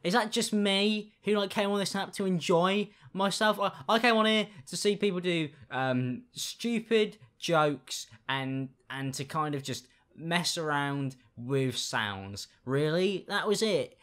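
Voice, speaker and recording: A man's voice: sits high, a little slow, few pauses, clear, resonant tone. Sarcastic man doing commentary. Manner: sarcastic, deadpan asides. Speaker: YouTube commentator. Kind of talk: casual reaction commentary.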